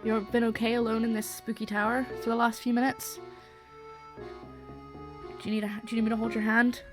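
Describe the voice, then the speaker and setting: A woman's voice: on the high side, level tone, brisk, over music. A young woman streamer giving casual, chatty commentary while playing a game, often giggling and cutting herself off mid-sentence. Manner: chatty, giggly, self-interrupting.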